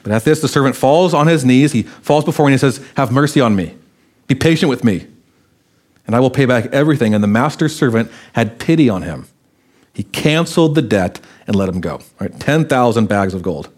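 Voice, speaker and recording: A man, a pastor, preaching a sermon, animatedly acting out the voices of the people he quotes. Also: fairly quick. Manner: animated, acts out quoted voices with raised pitch.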